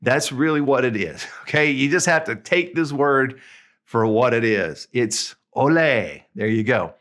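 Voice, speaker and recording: A man teaching a video language lesson, explaining in a relaxed way and drawing out words slowly to demonstrate them. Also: medium pitch. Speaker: Spanish tutor.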